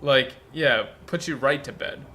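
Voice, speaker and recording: A man's voice: mid-range voice, unhurried, pushed and bright. A man commenting on a game's translation in a rambling, incredulous way, full of fillers. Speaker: gameplay commentator. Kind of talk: game localization commentary.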